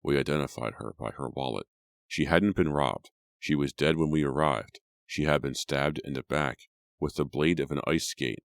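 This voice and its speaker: A grim older police officer delivers news in a low, steady, professional tone, as a deep-voiced narrator plays him. His voice sits very low and is recorded dry and close. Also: moderate pace, gravelly, no echo. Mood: grave.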